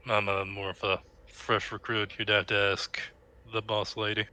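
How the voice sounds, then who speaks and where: A man doing an eager young bandit recruit with a bright, sharp tone over a lowish voice. He answers with earnest, polite, clipped replies. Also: level tone, normal speed.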